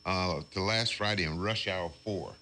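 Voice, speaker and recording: A man's voice: low-pitched, moderate pace, bright, forceful tone, a little hiss or hum. A man hosting a morning radio show, chatting casually and reading station IDs and celebrity birthdays. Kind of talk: casual on-air banter.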